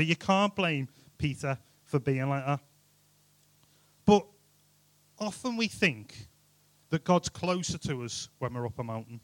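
Youth speaker: man, slightly high voice, dry close sound, casual joking delivery. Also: animated, normal speed, a bit bright, no echo. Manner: chatty, jokey, rhetorical questions. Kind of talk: informal youth sermon.

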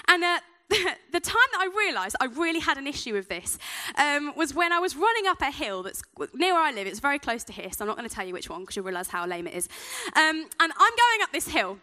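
A woman gives a sermon, mixing scripture with chatty, self-deprecating anecdotes. Her voice is high and bright, and her pitch swings in a lively way. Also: fairly quick. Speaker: preacher. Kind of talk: sermon with personal stories.

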